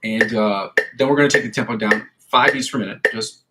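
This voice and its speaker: A man's voice: lowish voice, brisk. A man streaming his guitar practice from a hot room at home, chatting casually, cursing freely and calling out tempos and scale positions. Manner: casual, self-deprecating, swears freely. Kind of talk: casual livestream practice talk. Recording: loud noise behind the voice.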